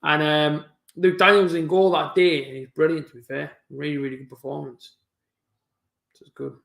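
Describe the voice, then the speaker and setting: A young man, chatting casually on a live football watch-along, talking fast with a stutter and some mumbling. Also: on the high side, level tone, vocal fry, fairly bright tone, roomy sound. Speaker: football fan streamer hosting a live match watch-along. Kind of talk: casual live-stream chat.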